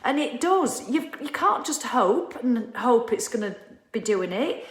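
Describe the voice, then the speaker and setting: A woman giving a casual, animated motivational talk, ranting and swearing freely and laughing at herself. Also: fairly high pitch, unhurried, roomy sound. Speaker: motivational vlogger.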